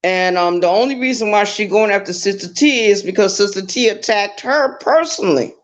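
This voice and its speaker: A woman with a brisk, mid-range voice calls in as a guest via a browser-based online call, the audio dull and lo-fi. She gives blunt, casual commentary and repeats her points for emphasis.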